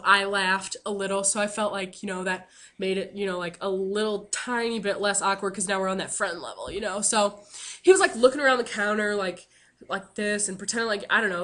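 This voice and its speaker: A woman's voice: mid-range voice, fairly bright tone. A woman telling a funny story to her camera in a chatty, self-mocking way, full of fillers. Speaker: vlogger.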